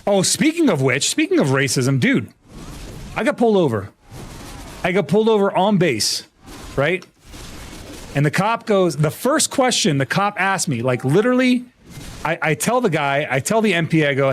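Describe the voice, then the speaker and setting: A man's voice: high voice, normal speed, pauses often, slight background noise. A young American man chatting casually on a gaming livestream, rambling and profane as he tells stories and greets viewers. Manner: rambling, profane, animated storytelling. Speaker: streamer.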